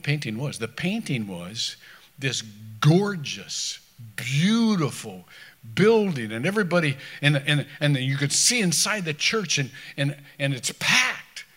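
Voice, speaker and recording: A man preaching a sermon in a conversational way, stumbling over restarts and swinging between loud scripture reading and quiet asides. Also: medium pitch. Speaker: pastor.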